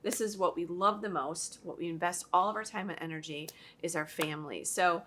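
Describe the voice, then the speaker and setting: A woman's voice: fairly low pitch, a little fast, a bit bright. A woman co-hosting a talk show, enthusiastic and playful in casual chat.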